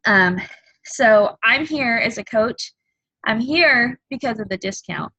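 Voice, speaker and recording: A woman in her thirties, a fitness coach, giving a candid and earnest personal testimony on a group call, halting often with ums. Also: a little high, lively intonation, sharp tone, breathy edge, no room sound, highs cut off. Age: 30s.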